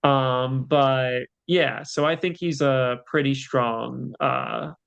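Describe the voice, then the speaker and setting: Gravelly, smooth-voiced man chatting. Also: mid-range voice, takes it slowly, a bit bright, muffled recording. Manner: rambling, heavy on fillers. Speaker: podcast co-host. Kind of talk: casual chat.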